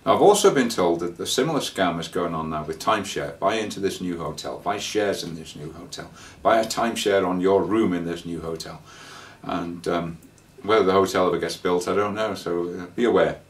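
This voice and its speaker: A man with a fairly low voice talks through a travel story in a loose, rambling way, stopping often on fillers and restarting his sentences. He sits a little back from the microphone, so his voice sounds somewhat distant. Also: fairly quick, hardly any pauses. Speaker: traveller sharing scam warnings. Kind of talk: casual spoken anecdote.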